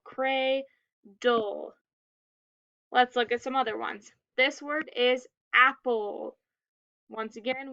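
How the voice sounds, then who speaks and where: A female teacher with a high, bright, smooth voice leads young children through a phonics lesson. She gives word prompts slowly and deliberately, enunciating each one with care, on a slightly dull, lo-fi home-style recording.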